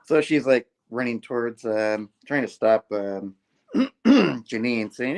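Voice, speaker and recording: Hoarse, gravelly man retelling a comic. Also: medium pitch, slow. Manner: animated retelling full of "like" asides. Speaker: co-host. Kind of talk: casual comic book review chat.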